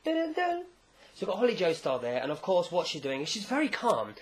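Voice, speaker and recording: A man talks through a comic chapter in a relaxed, rambling way, with frequent jokey asides. His voice sits a little higher than most men's. It sounds like an informal home recording. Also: quick pace. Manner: rambling, animated storytelling with asides. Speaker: manga chapter reviewer. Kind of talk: casual recap commentary.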